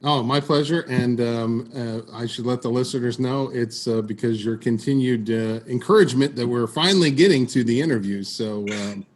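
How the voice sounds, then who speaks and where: A man's voice: medium pitch, moderate pace, few pauses, darkish tone. Hesitant male podcast host. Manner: hesitant, filler-heavy questions. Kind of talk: interview.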